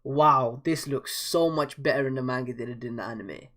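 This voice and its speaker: A young man casually reading a manga aloud and reacting with excited slang. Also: medium pitch, fairly quick. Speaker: manga reader.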